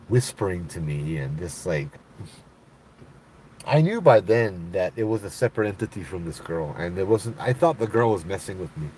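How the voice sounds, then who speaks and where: A man with a very deep voice tells a ghost story in a loose, conversational way. He keeps checking in with the listener as he goes. A faint ambient hum sits behind him. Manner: conversational, frequent "you know" and "right?". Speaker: storyteller, former mental health worker. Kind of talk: casual spoken ghost story.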